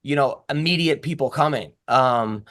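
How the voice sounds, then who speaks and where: A man's voice: medium pitch, moderate pace, a bit bright. A man hosting a casual podcast, talking in a rambling way with lots of restarts. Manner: rambling, with many restarts and fillers. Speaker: podcast host and comedian.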